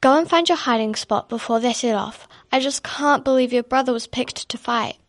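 Worried Viking mum from a storybook, put on by a woman, loud, earnest, highish voice. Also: moderate pace, no room sound, clean studio sound, close to an everyday voice. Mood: anxious. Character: worried loving Viking mother.

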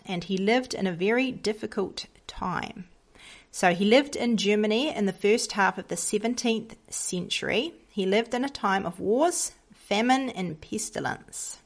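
Woman Christian teacher reading stories aloud; earnest, unhurried, touch of vocal fry. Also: mid-range voice. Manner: earnest, slow storytelling with pauses. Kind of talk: devotional lesson and story reading.

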